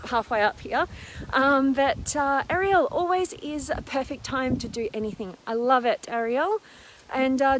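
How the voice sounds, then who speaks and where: A woman with a high, bright-pitched voice chats on a phone camera while hiking a steep, windy hill, a little out of breath. She is bubbly and warm-sounding in her enthusiasm, reading viewers' names with plenty of ums. Faint outdoor noise sits behind her. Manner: bubbly, reading out viewer comments with lots of fillers. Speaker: host of a live stream. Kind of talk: casual live-stream chat while exercising outdoors. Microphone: phone camera held while walking.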